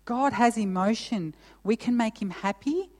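A woman preacher with a fairly high voice delivers an earnest, emphatic sermon, repeating her key phrases. Her words ring out with a long reverb trailing after them, as in a church hall. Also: moderate pace, a little mellow. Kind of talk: sermon with scripture reading.

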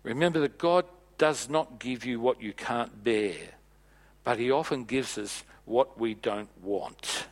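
A man preaching a sermon in a church, playful and animated, acting out bits of dialogue as he goes. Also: medium pitch, measured pace.

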